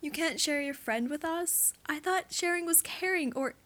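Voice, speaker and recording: A woman's voice: high-pitched, normal speed, fairly bright tone, pitched above the performer's own voice. A woman voicing a young male hockey player who whines in exaggerated mock complaint. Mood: mock whiny.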